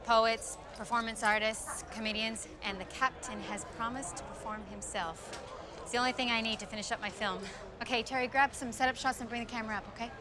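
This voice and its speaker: A woman filmmaker presenting on location in a brisk, businesslike way. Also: on the high side, steady tone, background noise.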